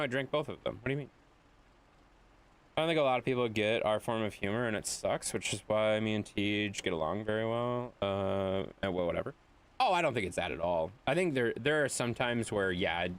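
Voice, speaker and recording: A young man streaming a game, ranting bluntly and profanely to his chat. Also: on the low side. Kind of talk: casual live-stream chat while gaming.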